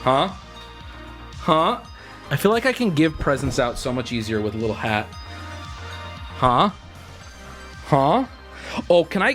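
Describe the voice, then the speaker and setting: A man streaming live, ranting casually to his chat with animated swings between mock outrage and joking. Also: on the high side.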